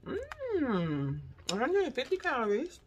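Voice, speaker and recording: In a haul vlog, a woman samples snacks and chats casually, often speaking through a mouthful of food and saying "y'all" a lot in a chatty, expressive way. Her voice sits high and she talks slowly, with dull audio and a little hiss or hum.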